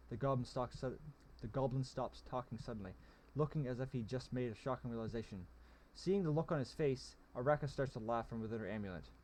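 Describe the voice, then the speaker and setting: A man's voice: medium pitch, fairly quick, darkish tone, a little hiss or hum. A man reading a gamebook aloud, sometimes stumbling over words and correcting himself. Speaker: reader.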